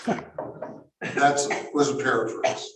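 A man preaching through a Bible passage, animated and full of rhetorical questions, often correcting himself mid-sentence. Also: medium pitch, extremely slow. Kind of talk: expository Bible teaching. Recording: echoey room, mic at a distance.

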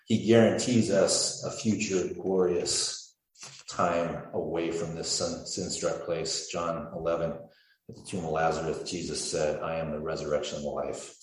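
A low-voiced man preaches in a church, his voice booming around a very echoey sanctuary. He stands away from the microphone, so his words sound distant. He reads scripture with earnest, swelling emphasis. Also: little pitch movement, unhurried. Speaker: pastor. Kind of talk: sermon. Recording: echoey hall, speaker far from mic.

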